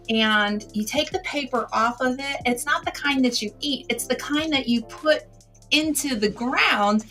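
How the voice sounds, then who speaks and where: A woman hosts a relaxed evening livestream, greeting her viewers one by one. Her voice sits a little high and rings bright and forward. Soft music plays faintly behind her. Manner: chatty, greets viewers by name. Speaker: livestream host. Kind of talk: casual chat.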